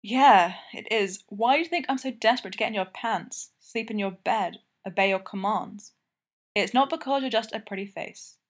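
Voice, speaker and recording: A woman's voice: medium pitch, moderate pace, lightly acted. A woman voicing an earnest, impassioned young man in an audiobook, talking in urgent, emphatic declarations. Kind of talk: audiobook character reading.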